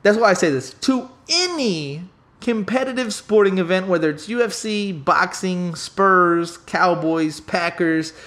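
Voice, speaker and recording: A man co-hosting a casual chat, telling a story in an animated, rambling way with many restarts and free cursing. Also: high-pitched, measured pace. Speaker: podcast co-host.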